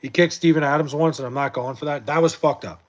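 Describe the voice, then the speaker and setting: A man's voice: fairly high pitch, fairly even intonation, fast talker. A young man hosting a live stream, chatting casually about sports in a profane, rambling way with many restarts and fillers, late at night at home. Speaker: livestream host reading chat.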